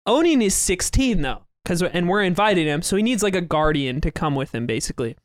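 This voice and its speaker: High, smooth-voiced young man chatting. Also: lively intonation, fairly quick, no room sound, clean studio sound. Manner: earnest storytelling with many fillers. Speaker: podcast co-host. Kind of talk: casual chat.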